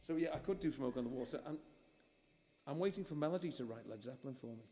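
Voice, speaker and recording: A man's voice: medium pitch, lively intonation, quick pace, dark tone, in a large hall. A man performing a live music stream, chatting casually between songs in a rambling, self-mocking way with many restarts. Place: music club venue. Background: guitar playing.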